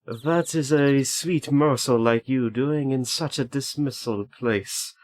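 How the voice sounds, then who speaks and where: A man's voice: medium pitch, darkish tone, no echo, natural voice. A man putting on a suave German rock-star prosecutor. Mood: flirtatious. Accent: put-on German. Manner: drawling, suave, slow.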